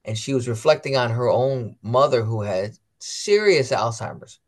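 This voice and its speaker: Animated man telling family stories. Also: mid-range voice, normal speed. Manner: storytelling, acts out quoted voices; reads catechism passages aloud. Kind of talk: casual religious chat.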